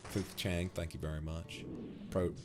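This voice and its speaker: A man's voice: low-pitched, flat delivery, unhurried, music in the background. A man streaming, casually chatting and reading out viewer donations in a teasing, affectionate way.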